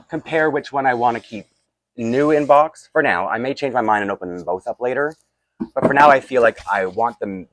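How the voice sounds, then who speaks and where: A man's voice: fairly low pitch, a bit bright, no room sound. A tired, groggy man, chatting casually and rambling with asides while unboxing toys for his vlog. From Canada. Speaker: toy collector vlogger.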